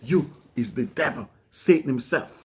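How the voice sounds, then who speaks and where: A man's voice: mid-range voice, lively intonation, normal speed. A man preaching in a fiery, accusing, repetitive way to his congregation. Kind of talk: impassioned sermon-style commentary.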